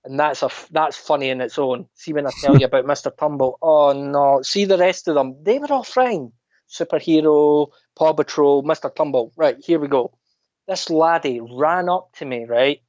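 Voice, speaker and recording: A man with a Scottish accent, a podcast guest telling animated anecdotes in casual chat. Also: fairly high pitch, moderate pace, no echo. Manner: animated anecdotes, mimics other people's voices. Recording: dull lo-fi dry sound.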